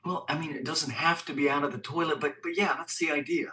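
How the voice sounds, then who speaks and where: Hesitant stubborn adult; very bright tone, distant from the mic. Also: male voice, a little high, fairly even intonation. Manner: hesitant, halting.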